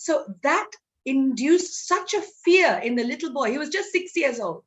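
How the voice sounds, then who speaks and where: A woman's voice: high voice, animated, a little fast. A woman from Assam with an Assamese accent, a psychology counsellor explaining her work in an interview, switching between English and Assamese. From Assam, India. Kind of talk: interview answers.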